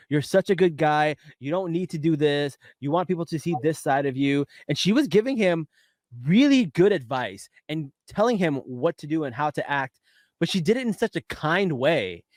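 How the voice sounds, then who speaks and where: Lively, laughing podcast guy. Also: a little high, dry recording. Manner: animated, laughs often mid-sentence. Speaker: podcast co-host. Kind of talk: casual pop-culture recap chat.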